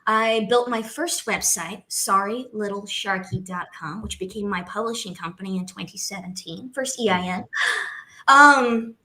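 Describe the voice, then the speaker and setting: A woman chatting as a guest on a podcast, animated and quick to laugh, into a studio condenser mic. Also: mid-range voice. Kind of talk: casual podcast chat.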